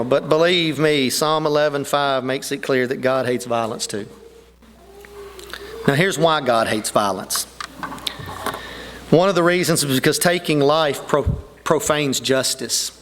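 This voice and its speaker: A man's voice: on the high side, unhurried, pauses often, fairly bright tone. An older man preaching a sermon to his congregation, building emphatically toward his key points. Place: church sanctuary. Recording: long reverb of a church hall.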